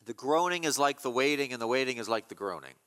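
A man preaching an expository sermon as a pastor, emphatic and repeating key phrases slowly. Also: mid-range voice, lively intonation, a bit bright, in a large hall.

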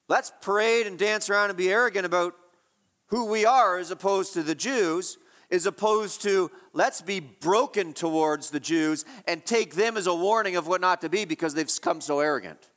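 A man's voice: high voice, moderate pace, bright, forceful tone, in a large hall. A man preaching an expository sermon, emphatic and rhetorical, asking questions and repeating key phrases.

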